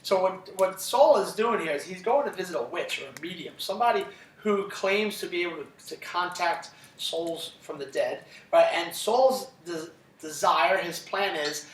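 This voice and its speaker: A man with a high, animated voice at normal speed teaches a casual classroom Bible lesson, retelling scripture conversationally and checking in with "right?" after nearly every sentence. He sounds roomy and far from the mic.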